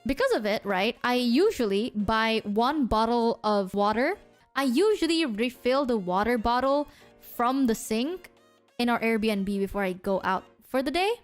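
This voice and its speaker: A woman from Indonesia, telling a story to her chat in a casual, animated way and swearing freely. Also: fairly high pitch, a little slow, faint music behind. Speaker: streamer.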